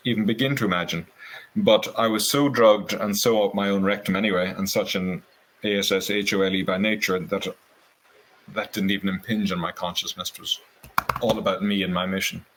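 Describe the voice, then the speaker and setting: A man telling a personal story in a casual conversation, earnest and animated, slipping into quoted voices now and then. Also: sits low, fairly quick, poor audio.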